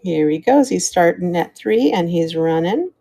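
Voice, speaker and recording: Running a live auction stream, an American jewelry seller chats casually while displaying pieces, announcing starting prices and thanking viewers by name. She speaks at normal speed in a warm, lowish voice with lively intonation.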